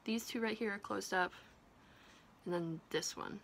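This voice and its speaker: A woman's voice: mid-range voice, slow pace, gravelly, long pauses. A young woman chatting casually in a home vlog, playful and gushing, baby-talking to her pets. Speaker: vlogger.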